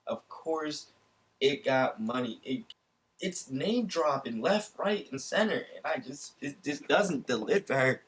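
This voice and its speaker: A man's voice: a little high, lively intonation, slow, fairly bright tone, poor audio. A man co-hosting a casual podcast chat, ranting and swearing in exasperation. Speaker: podcast co-host.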